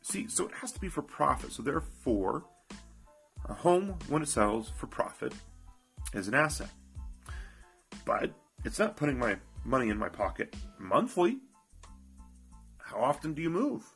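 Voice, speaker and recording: A man's voice: medium pitch, sing-song, a little slow, vocal fry, pauses often, a bit bright, soft background music. A man giving an emphatic finance talk, speaking straight to the listener and repeating his key points. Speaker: financial educator. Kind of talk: motivational finance talk to viewers.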